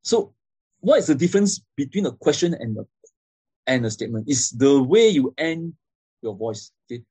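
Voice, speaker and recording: Man lecturing, mellow husky voice, dry close sound, keeps checking in with the class. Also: mid-range voice, sing-song, moderate pace, no echo. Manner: explanatory, frequent "okay?" and "right?" check-ins.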